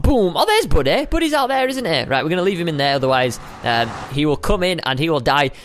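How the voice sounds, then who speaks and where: A young man giving playful, chatty commentary while playing a survival game, now and then breaking into high squeals. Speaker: gaming video host. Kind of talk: casual gameplay commentary.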